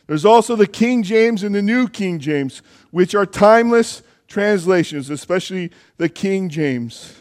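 Guy with a high voice giving a chatty sermon at church, goes off on little asides. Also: expressive, a little slow, few pauses, darkish tone. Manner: conversational, with asides and self-corrections. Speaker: preacher.

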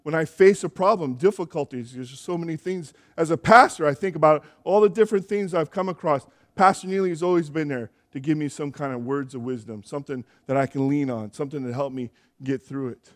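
A man's voice: on the high side, fairly quick, few pauses. A younger man preaching a sermon as pastor in a church, earnest and building to emphatic exhortation.

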